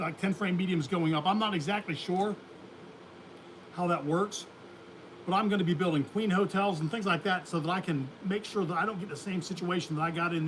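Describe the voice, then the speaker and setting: A man with a high voice chats casually on a livestream. He rambles in a folksy way and laughs often. A faint hum sits behind him. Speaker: beekeeping channel host.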